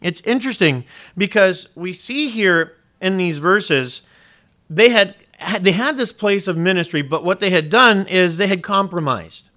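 A man's voice: high-pitched, lively intonation, unhurried, sharp tone. A male pastor preaching a sermon, putting questions straight to the congregation and leaning hard on key words. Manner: preaching with rising emphasis and direct questions to the congregation.

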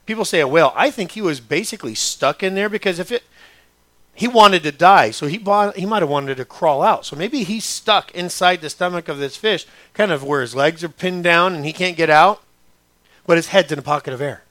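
A man preaching a sermon. He begins quiet and conversational, then turns loud and emphatic. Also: a little high, brisk, no room sound.

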